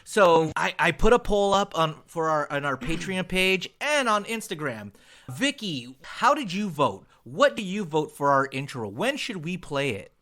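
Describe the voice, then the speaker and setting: A man's voice: fairly high pitch, big pitch swings, measured pace, pushed and bright. A man hosting a podcast in casual chat, teasing his guests with jokes. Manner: joking, teasing. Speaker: podcast host.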